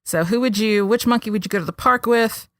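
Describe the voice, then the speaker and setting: A woman hosting a podcast in casual chat, bubbly and quick to laugh. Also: fairly high pitch, no room sound, clean studio sound. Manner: bubbly, animated, laughs a lot. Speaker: podcast host.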